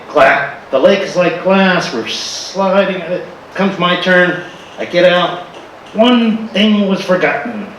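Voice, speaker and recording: Animated man telling comic stories. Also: high voice. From Florida. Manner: animated, exaggerated, playful. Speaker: performer. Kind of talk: stand-up storytelling. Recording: echoey hall from far off with faint noise.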